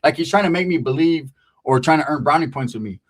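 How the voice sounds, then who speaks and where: A man's voice: fairly high pitch, quick pace. A man from the Merced area of California telling a rambling, profane comic story. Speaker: comedian storyteller.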